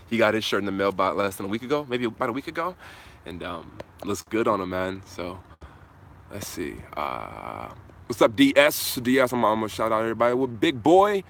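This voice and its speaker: A man's voice: lowish voice, a bit bright. A man hosting a casual live Q&A outdoors, talking in a laid-back, slangy way into a hand-held phone. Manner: laid-back slangy talk, answers viewer comments. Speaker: host.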